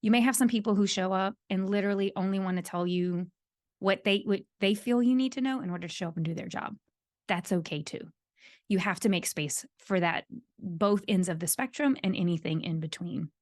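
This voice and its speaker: A woman's voice: mid-range voice, a little fast, no room sound, studio quality. A woman hosting a solo podcast who coaches leaders, speaking earnestly and repeating her key points for emphasis.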